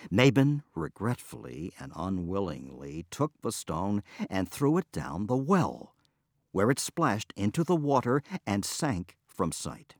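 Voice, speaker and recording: Man narrating a storybook: slow, lively, low-pitched. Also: husky, no room sound, clean studio sound. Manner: expressive, unhurried reading.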